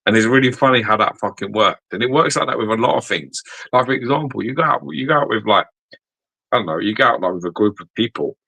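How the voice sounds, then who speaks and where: A man's voice: mid-range voice, animated, fast, gravelly, sharp tone, slightly rough, no echo, rough recording. A man co-hosting a podcast in casual chat, swearing constantly and teasing his co-host.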